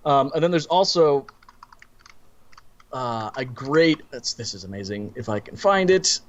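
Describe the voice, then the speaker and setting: A man's voice: mid-range voice, animated, a little slow. A man with a mid-range voice co-hosts a casual movie review podcast over dull, lo-fi stream audio. He talks in an easygoing, slightly distracted way, as if half his attention is on a search. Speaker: podcast co-host.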